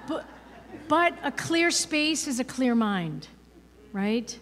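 A woman's voice: high voice, big pitch swings, takes it slowly, a bit bright, some chatter behind. A woman giving a conversational, playful spiritual talk as a guest speaker, asking the audience rhetorical questions. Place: church hall. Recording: reverberant hall.

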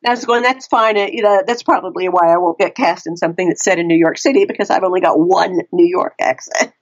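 A woman's voice: fast, lo-fi sound. A woman with a Texan accent, an audiobook narrator chatting animatedly as an interview guest. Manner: animated, restarts often, frequent pitch swings. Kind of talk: casual interview chat.

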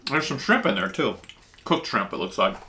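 A man hosting a casual food vlog, tasting dishes and explaining Japanese food words as he eats, talking with his mouth full. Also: moderate pace. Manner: eats while talking, with lively jumps in pitch.

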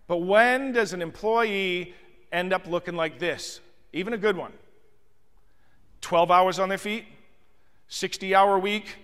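Speaking to an audience in a large function room, a man who trains hospitality staff in communication gives a motivational seminar. His voice is high-pitched and a bit bright, with a big-room sound, and he tells stories expressively while talking directly to the people present.

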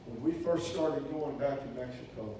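Animated preacher in an echoey church. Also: male voice, mid-range voice, normal speed. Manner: animated, acts out quoted voices loudly. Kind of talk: sermon storytelling to a congregation. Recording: echoey hall, distant mic, faint hiss.

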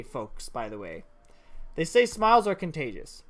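A woman's voice: low-pitched, huge pitch swings, normal speed. A woman giving casual, playful commentary while playing a horror adventure game. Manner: playful, jokey, giggly asides. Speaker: let's play gamer.

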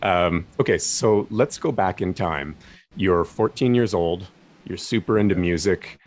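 Deep-voiced male radio host. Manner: friendly, measured questions. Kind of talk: radio interview hosting.

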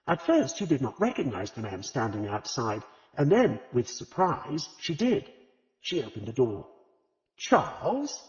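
A man narrating an audiobook in an expressive storytelling manner. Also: mid-range voice, moderate pace. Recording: reverberant, slightly dull audiobook recording.

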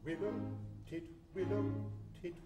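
A comic lovesick suitor on a theatre stage, high-voiced and unhurried, milking every overblown line. The sound is roomy, with a loud orchestra. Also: male voice, steady tone, over music. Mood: mournful singing. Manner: overblown theatrical pleading, then sung ballad. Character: comic lovesick man wooing a fierce older woman. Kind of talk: comic light opera stage performance.

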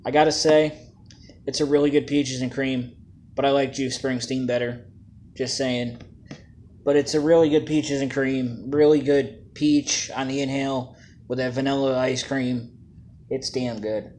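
A man's voice: mid-range voice, steady tone, unhurried, darkish tone, slight background noise. A man casually reviewing vape juices, joking and plain-spoken in a laid-back way.

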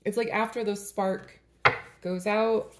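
A woman's voice: medium pitch, steady tone, takes it slowly, roomy sound. A woman giving a tarot reading to camera in a casual, rambling way, chatting and laughing between the cards. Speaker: tarot reader.

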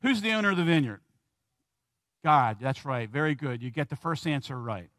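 A man preaching a sermon in a church as pastor, slowing down and stressing key words and asking the congregation questions. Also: medium pitch, lively intonation, fairly bright tone, dry recording, studio quality.

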